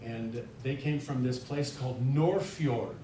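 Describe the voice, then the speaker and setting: A man's voice: unhurried, warm tone. A man from North Dakota giving a chatty, self-deprecating guest sermon, full of fillers and restarts. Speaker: guest speaker. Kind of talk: informal sermon talk. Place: church sanctuary. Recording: echoey church hall, distant mic, faint rumble.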